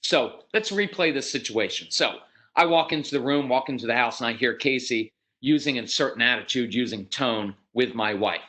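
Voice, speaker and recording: American man, middle-aged, parenting workshop speaker; direct, matter-of-fact, animated with acted voices. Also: mid-range voice, poor audio. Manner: animated, acts out parents and kids in quick voices. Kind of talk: live parenting workshop talk.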